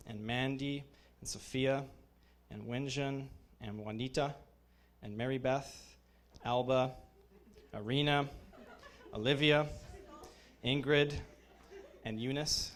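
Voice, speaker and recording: Speaking at a graduation as program head, a man in his thirties talks informally, stumbling through fillers and restarts while showing open emotion for his students. His pitch is medium and his intonation fairly even.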